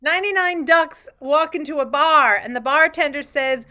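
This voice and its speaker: A woman improv performer on a video call, telling quick jokes with a dry, teasing delivery. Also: high voice, pushed and bright. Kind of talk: joking improv banter.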